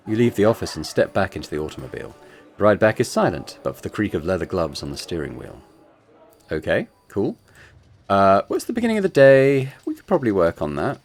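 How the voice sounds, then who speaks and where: Solo tabletop player and narrator, man, lower voice, very lively ups and downs, faint music behind. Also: fairly quick, gravelly. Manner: expressive, groans and swears at dice rolls. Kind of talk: playing a tabletop game on camera.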